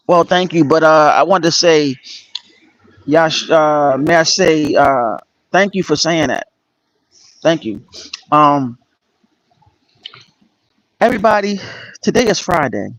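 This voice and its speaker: A man hosting a casual livestream, greeting viewers by name and speaking earnestly and emotionally about his spiritual path, with many pauses and fillers. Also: fairly high pitch, a bit bright. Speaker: channel host. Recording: dull lo-fi dry sound.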